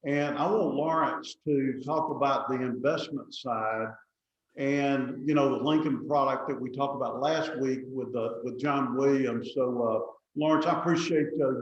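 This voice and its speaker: A man hosting a meeting over a video call in a halting way, full of "uh" fillers. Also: medium pitch, echoey room, highs cut off. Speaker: meeting host.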